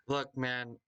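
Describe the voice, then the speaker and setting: A man's voice: medium pitch, pushed and bright, clear, resonant tone. A man voicing a dry, teasing male AI that lives in a toaster oven.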